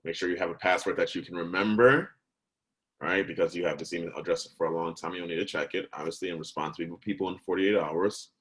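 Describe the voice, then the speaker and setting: A man with a very low voice walks his students through a recorded lesson. He keeps it conversational and checks in with "right?" and "okay?" every few sentences. Now and then he stops partway through a word to correct himself. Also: fairly even intonation, quick pace, fairly bright tone, low-quality recording. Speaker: teacher.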